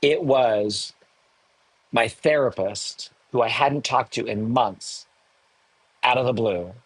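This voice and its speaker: A man in his sixties, a podcast guest, telling a personal story candidly, emotional and animated with self-mocking asides. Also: mid-range voice, takes it slowly, husky, dry recording, rough recording. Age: 60s. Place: home in the hills above a large city.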